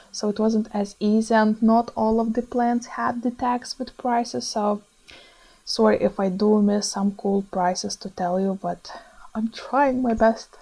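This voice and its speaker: A young woman with a Lithuanian accent, chatting excitedly over her own plant shopping footage with small grammar slips. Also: medium pitch, poor audio. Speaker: plant vlogger.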